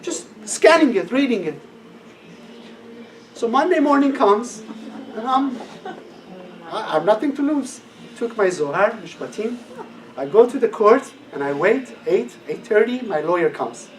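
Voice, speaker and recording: A man's voice: high-pitched, sing-song, a little slow, pauses often. A man telling a personal story to a class, acting out the dialogue and laughing at his own tale. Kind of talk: lively storytelling. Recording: distant mic, faint room noise.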